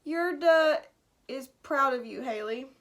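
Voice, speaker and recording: A woman's voice: high voice, slow, fairly bright tone, full character voice. A woman voicing a wise old Irish great-grandfather with an Irish accent in a storybook. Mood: doting.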